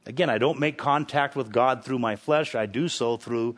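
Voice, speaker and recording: A man's voice: mid-range voice, normal speed. A man preaching a sermon, with rhetorical questions and emphatic peaks that climb on key phrases. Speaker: pastor.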